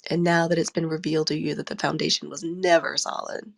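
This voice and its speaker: Casting: woman tarot host, lowish gravelly voice, chatty, laughs often, calls the audience y'all. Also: flat delivery, fast talker. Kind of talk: live audio tarot session chat.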